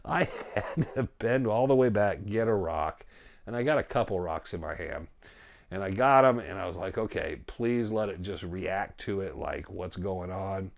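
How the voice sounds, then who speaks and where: A man casually telling a story about a hike, animated, often quoting himself and his friend and laughing as he goes. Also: deep voice, moderate pace, gravelly, dull audio. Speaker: storyteller guest.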